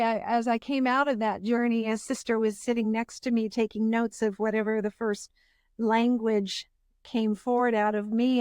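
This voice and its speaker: A woman's voice: on the high side, a little mellow, smooth, dry recording, studio quality. Earnest reflective woman podcast host. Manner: earnest, searching, many restarts. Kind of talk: reflective interview chat.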